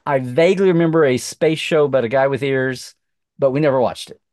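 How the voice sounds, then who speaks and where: A middle-aged man from Oklahoma, a podcast guest, telling a lively story in casual chat, acting out quoted voices with many restarts. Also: medium pitch, fairly quick, no echo, clean studio sound.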